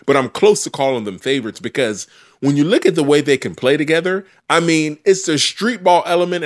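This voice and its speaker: A man's voice: fairly high pitch, fairly quick. A man hosting a sports podcast, arguing his picks in an opinionated, teasing way. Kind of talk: casual sports debate.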